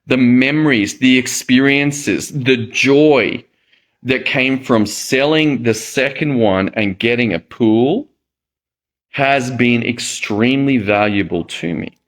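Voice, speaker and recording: A middle-aged man, a medical educator and host, speaks slowly in a medium-pitched voice. He shares a personal story as a casual monologue, acting out the reactions of the people he quotes.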